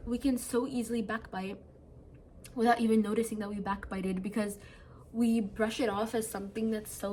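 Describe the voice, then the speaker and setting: A fairly high, slightly mellow female voice, with a bit of hiss or hum in the recording. She's a young adult vlogger seated at home at night, casually and earnestly chatting to her phone camera, full of "like" fillers.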